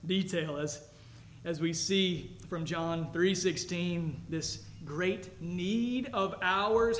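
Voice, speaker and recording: High-voiced man preaching slowly. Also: a little hiss or hum. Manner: earnest preaching, swells to emphatic then drops low and slow. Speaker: pastor. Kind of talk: sermon.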